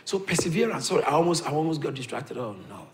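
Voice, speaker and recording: A man's voice: fairly high pitch, sing-song, quick pace. A man preaching a sermon to a congregation, often repeating phrases and asking the listeners whether they follow him. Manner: rhetorical questions to the congregation, repeats phrases for emphasis.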